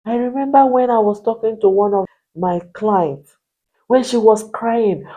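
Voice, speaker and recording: Woman coach, mellow voice, emphatic, hammering questions. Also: fairly high pitch, a little slow, poor audio. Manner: emphatic, repetitive rhetorical questions. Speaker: marriage coach. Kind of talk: motivational preaching.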